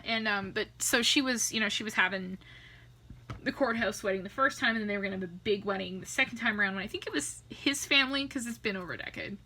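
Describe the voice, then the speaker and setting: A woman's voice: mid-range voice, quick pace, bright, forceful tone, slight background noise. A tipsy young woman, a makeup artist, telling a rambling, profane story in a casual way and laughing often. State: tipsy from drinking.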